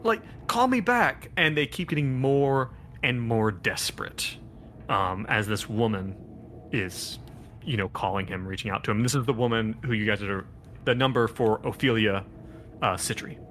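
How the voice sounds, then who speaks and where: A man's voice: on the low side, normal speed, a bit bright, slight background noise. A man running a tabletop horror game as game master, narrating in a loose, rambling way with many fillers.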